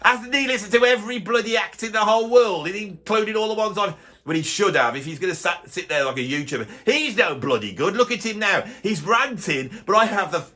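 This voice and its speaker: A man's voice: high voice, animated, a little fast, hardly any pauses, pushed and bright. A man playing a grumpy music snob. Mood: grumbling. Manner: grumbling, blustering, stumbling restarts. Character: grumpy middle-aged male music snob, bitter. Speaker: YouTuber doing a comic character. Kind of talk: comic rant.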